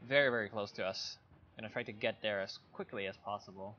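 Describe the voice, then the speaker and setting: A man giving relaxed, low-key commentary while playing a strategy game, thinking aloud as he goes. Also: fast talker, dull audio, slight background noise. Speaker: gameplay commentator. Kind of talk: casual let's play commentary.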